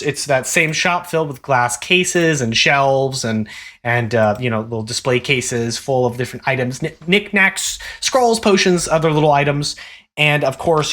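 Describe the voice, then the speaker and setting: A man running a tabletop game as game master, relaxed and laughing often, with many fillers. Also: a little high.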